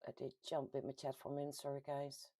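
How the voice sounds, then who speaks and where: A woman from the Netherlands with a Dutch accent hosts a casual livestream, reading out viewer comments in a chatty, giggly way with sudden lively jumps in pitch. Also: quick pace, no room sound. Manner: chatty and giggly, with frequent laughs and ums. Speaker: host of a paranormal community livestream.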